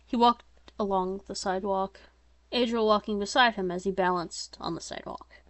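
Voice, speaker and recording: A woman's mid-range voice, at a moderate pace and free of room sound, reads aloud a story of her own. The delivery is plain and even, punctuated by occasional chatty jokes about herself.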